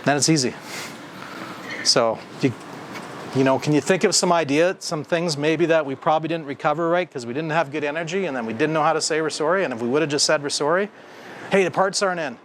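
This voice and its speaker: A man's voice: a little high, quick pace, slight background noise. A man, a company president, giving a conversational training talk to a service team in a room, often asking the group questions. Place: indoor room with a group of staff.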